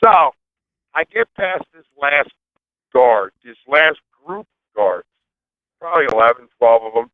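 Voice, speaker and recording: A brash man spins a rowdy story, swearing freely and laughing at himself. His voice sits fairly high for a man. He comes through a tinny phone line. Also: wildly swooping pitch, unhurried, vocal fry, pauses often, dry recording. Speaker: phone-in guest telling a story. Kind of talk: animated storytelling.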